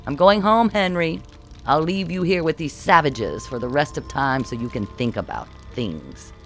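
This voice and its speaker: A man's voice: on the high side, lively intonation, moderate pace, a bit bright, faint music behind, pitched above the performer's own voice. A man voicing a cruel, mocking male villain who taunts in a falsely sweet, cheerful way. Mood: shouting.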